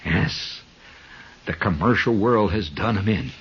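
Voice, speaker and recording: A man's voice: low-pitched, expressive, measured pace, a little hiss or hum. A man hosting a 1970s radio show, telling a long story in a rambling monologue full of asides and restarts. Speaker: radio host. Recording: dull 1970s radio broadcast.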